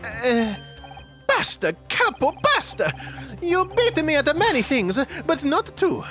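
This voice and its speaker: A man voicing an excitable Italian male henchman with a put-on Italian accent and hammy, sing-song exclamations. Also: very high voice, slow, faint music behind, voice pushed up, full character voice. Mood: indignant.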